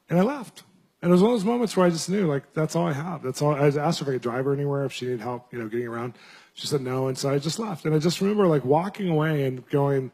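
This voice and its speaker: A man in his thirties telling a story in a sermon, animated and acting out the voices of people he quotes. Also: on the high side, fast talker. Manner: animated, acts out voices in quotes, laughs often.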